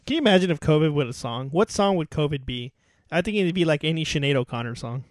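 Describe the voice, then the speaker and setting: A man's voice: fairly high pitch, lively intonation, quick pace, no echo, studio quality. A man co-hosting a casual podcast, joking around and laughing often. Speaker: podcast co-host. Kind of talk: casual chat.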